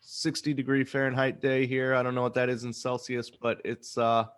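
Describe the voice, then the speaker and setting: Rambling American podcast host. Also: male voice, medium pitch, flat delivery, normal speed, smooth. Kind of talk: casual chat. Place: Oregon.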